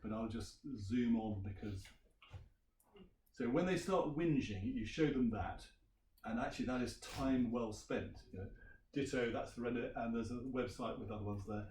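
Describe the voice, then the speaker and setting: Chatty teacher in a roomy hall. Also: male voice, mid-range voice, normal speed, darkish tone, slight background noise. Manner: chatty, quizzes the audience. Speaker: language teacher giving a workshop. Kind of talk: conference workshop presentation. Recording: roomy sound from a distant mic.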